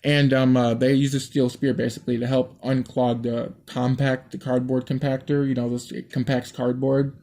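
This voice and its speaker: A man's voice: mid-range voice, little pitch movement, moderate pace, few pauses, warm tone. A man casually reading out his dream story, rambling, swearing and breaking off into asides.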